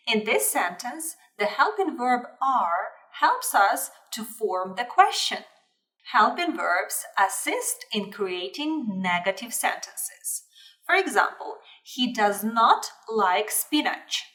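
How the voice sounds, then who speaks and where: A woman gives an English grammar lesson at a very unhurried pace, spelling out each example with deliberate care. Her voice sits at an ordinary middle pitch and comes from a little way off the microphone, so it sounds somewhat distant. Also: fairly bright tone. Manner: repeats example sentences slowly and clearly. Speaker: English teacher.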